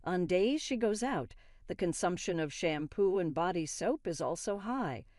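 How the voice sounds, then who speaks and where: A woman narrating a first-person family story in a steady, scripted way. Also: fairly low pitch, unhurried, dry recording, studio quality.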